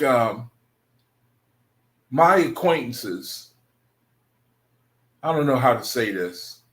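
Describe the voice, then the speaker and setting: A man's voice: medium pitch, lively intonation, extremely slow, long pauses. A man hosting an online study group, talking casually and rambling, repeating himself and calling his viewers brethren. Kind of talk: casual livestream talk to viewers.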